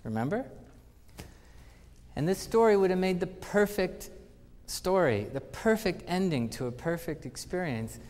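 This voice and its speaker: A man giving a conference talk, telling animated anecdotes and acting out the quotes. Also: high-pitched, a little slow. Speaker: conference speaker. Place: conference hall. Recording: reverberant conference hall.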